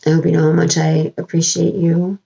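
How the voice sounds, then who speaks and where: A woman channels spirits in a casual, rambling home vlog, drifting along with lots of fillers and restarts. Fairly low and husky, her dark voice has vocal fry, a level tone, and a slightly fast pace, captured in a rough recording.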